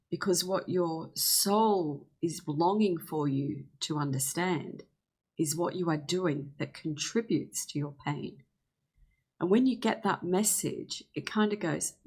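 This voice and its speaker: A woman giving a gentle, earnest spiritual healing talk, slowing down to speak affirmations. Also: fairly low pitch, husky. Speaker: spiritual teacher.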